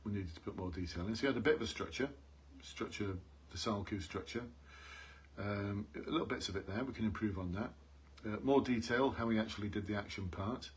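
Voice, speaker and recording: Speaking briskly in a husky voice on the low side, a man coaches police applicants during a live stream. He comes across as earnest, hammers his key points more than once, and shouts out to the people watching.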